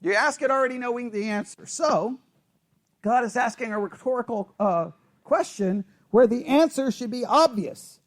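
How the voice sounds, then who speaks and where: A man's voice: very high-pitched, moderate pace. A man teaching a conversational Bible study who asks his class questions and acts out quoted lines.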